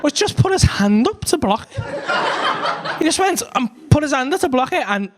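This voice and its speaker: A man doing stand-up with a high voice that leaps all over the place. He bursts into loud put-on voices as he tells his tale. The live club recording carries clear background noise and laughter. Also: moderate pace. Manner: animated, acts out characters with shouted voices. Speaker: stand-up comedian. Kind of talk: stand-up storytelling. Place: comedy club stage. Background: audience laughter.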